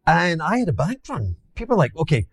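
A man's voice: fairly high pitch, sing-song, a little fast. A man from Glasgow with a Scottish accent, a former hedge fund manager who tells anecdotes theatrically and mocks himself. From Glasgow, Scotland. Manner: theatrical, acts out quotes, self-mocking. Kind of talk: animated anecdotal storytelling.

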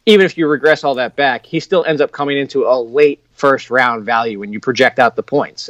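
A man appearing as a guest analyst on a casual sports podcast, talking in an animated way, chuckling often and stacking up rhetorical questions. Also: mid-range voice, no echo. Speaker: fantasy football analyst guest.

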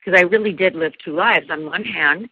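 A middle-aged woman with a gravelly edge tells her own story as an interview guest, earnest and animated, stumbling through restarts and fillers. The recording sounds dull and lo-fi, dry with no room around her. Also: on the low side, a little fast, no room sound. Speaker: guest, life coach.

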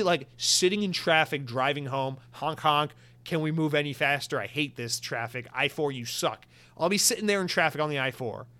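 A male podcast host with a slightly high voice, talking in an animated, rambling way. He restarts his sentences often and drifts into side comments as he goes.

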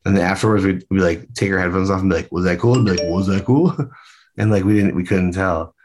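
A man's voice: deep voice, flat delivery, quick pace, darkish tone, slight background noise. A man, a band member, chatting loosely in a video-call interview, rambling with lots of fillers and the odd swear.

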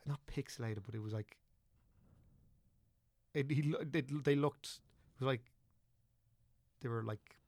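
A man's voice: mid-range voice, a little slow, long pauses, darkish tone, no echo. A young Irish man chatting casually as a podcast guest, rambling and correcting himself as he goes.

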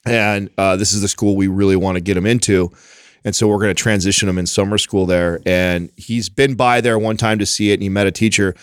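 A man's voice: fairly low pitch, steady tone, a little fast, smooth, no echo, clean studio sound. A man in his thirties in casual chat, telling a story and laughing often.

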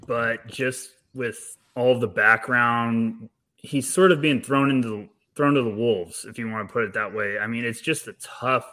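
A man talking as a panelist on a sports podcast, animated and repeating words as he starts his thoughts. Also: mid-range voice. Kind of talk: casual sports podcast chat.

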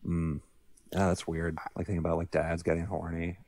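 A man's voice: low voice, monotone, moderate pace, darkish tone, no echo, clean studio sound. A married man co-hosting a casual movie podcast, joking and teasing, laughing often. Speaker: podcast co-host. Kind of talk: casual movie-commentary chat.

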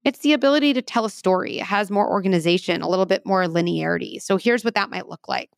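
A woman in her thirties, a parenting expert explaining advice in an interview with earnest, lively examples. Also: medium pitch, fast, creaky, no room sound, studio quality.

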